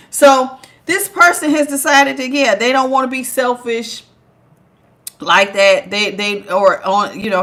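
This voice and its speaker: A woman giving a live-streamed tarot reading in a chatty, teasing way. She laughs often and calls her listeners child and honey. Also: mid-range voice. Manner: lively, teasing, talks straight to viewers. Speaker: tarot reader.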